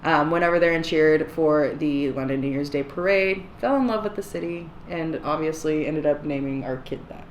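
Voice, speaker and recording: A young American woman with a low-pitched voice chats casually with her husband on camera. She laughs easily and teases herself. The room sounds echoey with a faint hiss behind her. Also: moderate pace, hardly any pauses. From United States. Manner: chatty, laughs often, self-deprecating. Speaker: vlogger. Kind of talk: casual couple chat to camera.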